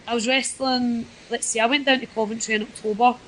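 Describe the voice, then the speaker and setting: A woman's voice: a little high, steady tone, brisk, fairly bright tone, a little hiss or hum, rough recording. A Scottish woman, a wrestler guest, chatting casually and self-deprecatingly in a podcast interview. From Scotland.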